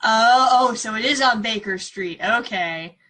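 Bright, breathy woman. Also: a little high, a little slow. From United States. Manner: curious, asks questions. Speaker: podcast co-host. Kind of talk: casual chat.

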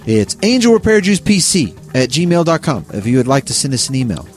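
Animated joking male podcast host. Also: mid-range voice, fairly quick, soft background music. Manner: jokey, animated, stumbles over words. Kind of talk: casual chat.

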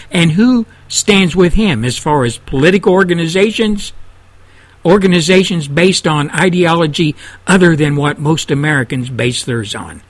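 A man hosting a radio show, delivering a blunt, indignant, profane political rant. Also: sits high. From Texas. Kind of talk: angry political radio monologue.

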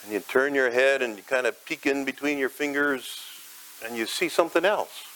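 Man, preacher, dramatic sermon, rises and falls, medium pitch. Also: moderate pace, low-quality recording. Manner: dramatic, swells loud and high then drops soft and low. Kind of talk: sermon, guided imagery.

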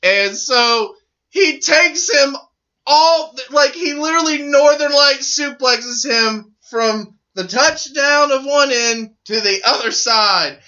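Man, animated, laughing, bright voice, lo-fi recording. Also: extremely high pitch, takes it slowly. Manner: animated, laughing, acts out quotes in a loud voice. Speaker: podcast co-host. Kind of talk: excited casual wrestling chat.

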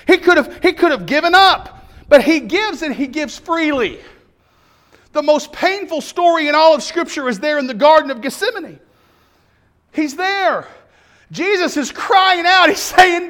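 Brief: male pastor preaching, high-pitched, rhythmic repeated phrases, emphatic delivery. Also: expressive, measured pace, a bit bright. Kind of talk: sermon.

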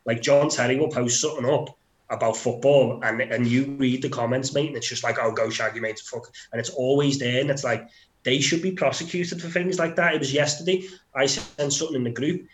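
A man's voice: mid-range voice, steady tone, a little fast. A man co-hosting a podcast, getting heated and swearing a lot as he rants in casual chat. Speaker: podcast co-host. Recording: roomy echo.

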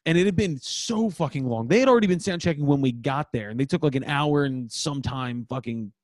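A man's voice: on the high side, a little fast, no room sound. A man co-hosting a casual chat, telling a road story full of heated profanity. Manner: heavy swearing, heated and animated storytelling. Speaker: podcast co-host, touring musician.

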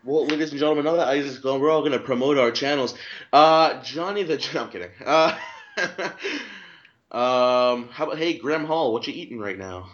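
A man's voice: medium pitch, normal speed, fairly bright tone. A man hosting a podcast in casual chat, crude and joking, rambling with fillers. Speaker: podcast host. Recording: dull lo-fi recording.

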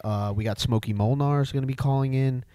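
A man's voice: medium pitch, fast talker, dark tone, smooth, no room sound, studio quality. A man hosting a casual radio talk show, easygoing and full of fillers like "uh" and "you know.". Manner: easygoing, filler-heavy, encouraging.

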